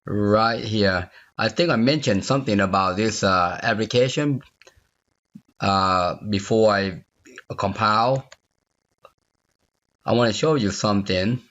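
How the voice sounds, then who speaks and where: A man in an unscripted screen-recorded coding tutorial, thinking aloud as he works. He talks at a slow, unhurried pace, often repeating himself and checking whether the viewer follows. The audio is slightly dull and lo-fi, from a computer mic. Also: lowish voice, fairly bright tone. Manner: thinking aloud, repeats phrases, asks viewer "you see there?". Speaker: software tutorial instructor.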